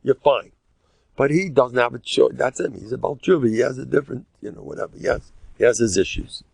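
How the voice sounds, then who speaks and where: An older man, a rabbi giving a humorous Torah lecture, joking and self-deprecating, now and then bursting into loud, emphatic cries. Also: medium pitch, a little fast, creaky, slightly rough, dry recording.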